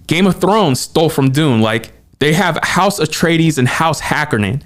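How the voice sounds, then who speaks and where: A man co-hosting a podcast, talking quickly and excitedly in casual movie chat and acting out quotes as he goes. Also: a little high. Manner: excited, animated retelling with quoted asides. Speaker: podcast co-host.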